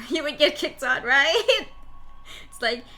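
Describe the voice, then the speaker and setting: Woman doing a giggly, chirpy young woman, very high and bright, rambling. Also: big pitch swings, slow, soft background music, heavily acted.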